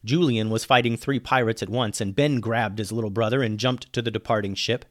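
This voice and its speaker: A man reading a children's adventure story aloud, lively, dropping low and quiet on the narration tags. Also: brisk, no room sound, studio quality.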